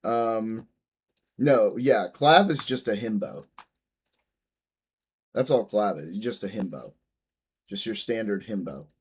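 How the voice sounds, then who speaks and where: A man's voice: on the low side, slow pace, long pauses, slightly rough. A man streaming live, joking crudely and reacting to clips in casual commentary. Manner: crude, joking, swings loud and soft.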